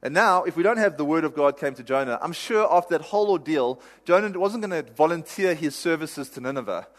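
A man's voice: a little high, expressive, brisk. A male pastor giving a sermon in a conversational, self-deprecating way, laughing at himself now and then. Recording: reverberant hall.

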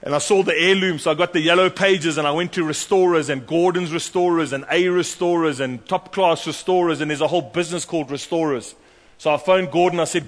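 High-voiced preacher in a hall. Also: male voice, fast. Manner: animated, storytelling preacher who acts out voices. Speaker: pastor. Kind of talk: sermon. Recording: long hall reverb.

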